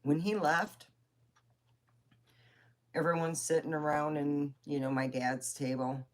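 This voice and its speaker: A woman's voice: deep voice, little pitch movement, takes it slowly. A woman vlogger telling personal stories in a rambling, chatty way, with swearing. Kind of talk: casual personal storytelling.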